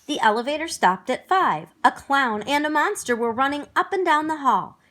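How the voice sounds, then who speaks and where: A woman's voice: sits high, moderate pace. Woman reading a children's storybook aloud. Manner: expressive, acts out characters. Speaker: narrator.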